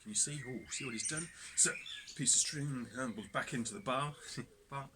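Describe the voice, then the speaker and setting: A man's voice: medium pitch, moderate pace. A man leading cub scouts through activities in a casual instructional video, chatty and self-deprecating. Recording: background noise.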